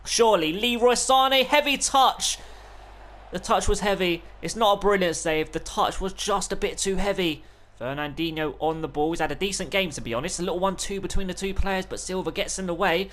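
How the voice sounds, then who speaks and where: A young man giving live play-by-play commentary on a football video game, swinging between calm narration and loud, excited outbursts. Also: sits high, fairly quick. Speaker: gaming YouTuber.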